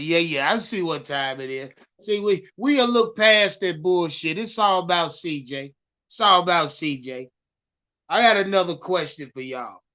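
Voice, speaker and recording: A man hosting a live stream, loudly hyped and swearing as he ranted about football and answered his chat. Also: high voice, lo-fi sound. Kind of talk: profane live-stream sports rant.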